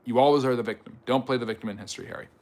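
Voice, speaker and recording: Speaking at a medium pitch with a somewhat mellow tone, this man runs a history lecture on a livestream. He handles questions from chat in a chatty style, with fillers and fast comebacks.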